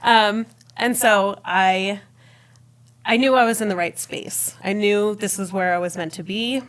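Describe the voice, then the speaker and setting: A female podcast guest recounts her own faith journey in conversation, speaking in a mid-range voice at a slightly slow pace. She tells it animatedly, laughing often and performing the words she spoke at the time.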